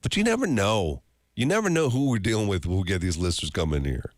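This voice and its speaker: Low-voiced animated male radio host. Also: quick pace, dry recording, studio quality. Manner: storytelling, animated and joking. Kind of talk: casual radio banter. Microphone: studio microphone.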